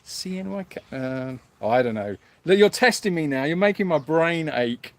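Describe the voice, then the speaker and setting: A man's voice: on the high side, lively intonation, moderate pace, no echo. Chatty man hosting a livestream. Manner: hesitant and self-mocking, many fillers and restarts. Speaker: animal sanctuary host. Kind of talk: casual livestream chat reading viewer comments.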